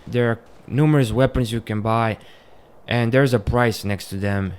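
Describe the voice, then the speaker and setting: A young man narrating a casual, unscripted gameplay tutorial, with a relaxed delivery and some stumbles. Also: medium pitch, normal speed, smooth. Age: young adult. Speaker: gaming channel host.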